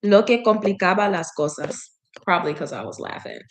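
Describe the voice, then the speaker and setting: A chatty woman reads aloud slowly, breaking off to puzzle over words and laugh at herself. Her voice sits at an ordinary middle pitch and her talk is loose and unscripted. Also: noisy background. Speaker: language learner reading aloud. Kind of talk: casual reading practice with commentary.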